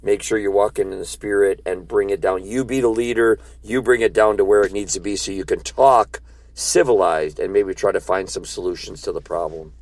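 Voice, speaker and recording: A man's voice: fairly low pitch, fairly quick, no room sound. A man who street-preaches, talking earnestly and plainly about faith and reading scripture aloud. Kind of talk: casual faith talk.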